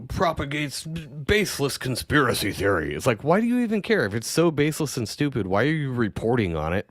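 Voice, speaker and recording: A man hosting a casual podcast chat, talking in an animated way, swearing and acting out quoted voices. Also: on the low side, no room sound, studio quality.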